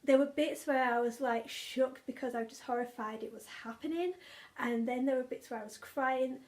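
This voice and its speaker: A woman's voice: high-pitched, moderate pace, darkish tone. A young woman, chatting enthusiastically about favourite audiobooks, often repeating words for emphasis. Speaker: book vlogger. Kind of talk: casual chat.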